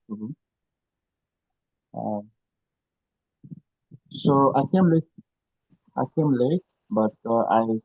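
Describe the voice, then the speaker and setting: A man's voice: mid-range voice, no echo, muffled recording. A man from the audience on a video call, respectfully and hesitantly working up to his question. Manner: respectful, hesitant, with many pauses. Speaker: audience member asking a question.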